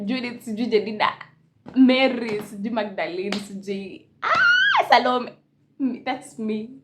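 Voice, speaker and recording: A young Kenyan woman telling a casual storytime, switching between Swahili and English, animated and laughing often. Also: mid-range voice, a little hiss or hum. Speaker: vlogger.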